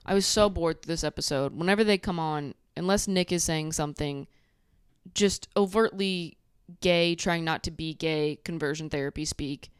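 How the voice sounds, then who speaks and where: Woman host, sassy and blunt, lowish voice, dry recording; casual recap. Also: smooth, no echo. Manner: sassy, blunt, profane, animated storytelling.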